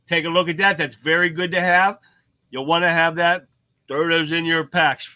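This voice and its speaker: A man's voice: on the high side, steady tone, normal speed, sharp tone, no echo. A man hosting a livestream, giving casual commentary in a rambling, chatty way. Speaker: livestream host.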